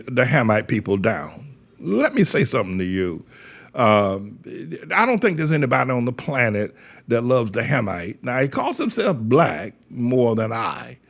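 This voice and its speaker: A man's voice: medium pitch, vocal fry. An older man, a pastor, delivering a blunt, rambling commentary monologue and often repeating words as he searches for the next thought.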